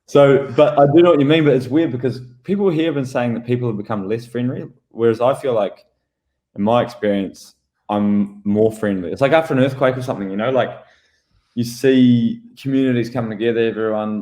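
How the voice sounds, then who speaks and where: A man's voice: fairly low pitch, darkish tone, roomy sound. A young man co-hosting a podcast, rambling casually in a laid-back, joking way. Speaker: podcast co-host. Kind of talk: casual chat.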